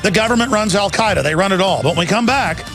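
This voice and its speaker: A man's voice: sits high, animated, fast talker, music in the background. A man hosting a talk radio show, delivering a heated, emphatic rant full of stammered restarts. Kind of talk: ranting talk radio monologue.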